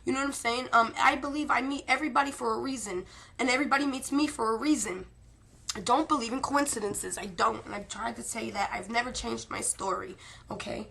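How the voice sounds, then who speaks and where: A woman vlogger speaking to her viewers, talkative and emotional, repeating herself for emphasis, loud at times and soft and tired at others. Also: on the high side, brisk, gravelly. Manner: swings between loud insistence and soft tired murmurs. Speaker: spirit-communication vlogger. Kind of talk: emotional personal storytelling to camera.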